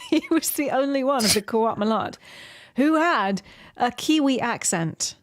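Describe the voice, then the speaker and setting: Lively woman co-hosting a chat. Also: sits high, measured pace, no room sound, clean studio sound. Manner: playful, laughing. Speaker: podcast co-host. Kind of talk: casual chat.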